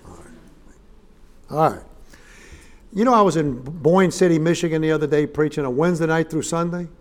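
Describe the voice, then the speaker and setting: A man's voice: on the high side, normal speed. A man preaching to a congregation, opening his sermon with folksy jokes and calls for amens. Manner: folksy and joking, calls for amens and addresses listeners as neighbor. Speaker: traveling preacher. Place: church service in front of a live congregation.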